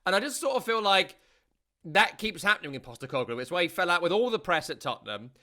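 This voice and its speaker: A man's voice: sits high, big pitch swings, fast, pushed and bright. A British man co-hosting a casual football chat, rambling and chatty with many fillers. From Britain. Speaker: podcast co-host.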